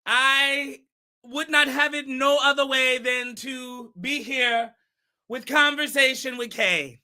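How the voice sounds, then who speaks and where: A woman's voice: high voice, steady tone, slow, sharp tone, heavily acted. A woman voicing a brash, proud guest character with a put-on foreign accent who keeps repeating blessing phrases and brushes off personal questions. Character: brash self-proclaimed Pakistani woman guest, proud and evasive. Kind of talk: comedic character sketch.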